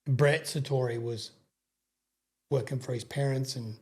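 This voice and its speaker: Middle-aged Australian man, husky and mellow, loose rambling storyteller who swears and restarts sentences. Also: mid-range voice, fairly even intonation, measured pace. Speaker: guest, sprintcar racing veteran. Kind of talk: casual storytelling interview.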